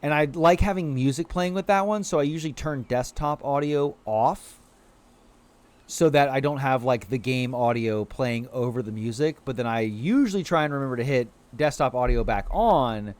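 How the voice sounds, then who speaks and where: A man's voice: medium pitch, moderate pace, darkish tone. A man streaming a video game, chatting with his viewers and talking playfully to the creatures on screen. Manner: playful, apologetic asides. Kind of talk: casual livestream commentary.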